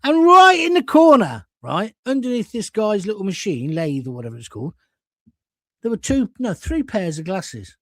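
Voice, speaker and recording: An older Englishman with a fairly high voice hosts a live-stream chat show. He rambles through jokey anecdotes and pokes fun at himself. The sound is close and dry, with no room echo. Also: very animated, moderate pace, fairly bright tone. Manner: jokey, rambling storyteller with self-mocking asides.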